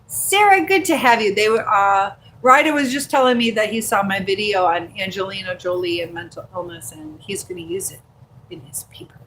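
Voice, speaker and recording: A woman's voice: mid-range voice, brisk, fairly bright tone, a little hiss or hum, low-quality recording. A woman hosting a casual live stream from a handheld phone at home, reading out viewer comments and chatting in a rambling way with plenty of fillers. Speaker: livestream host.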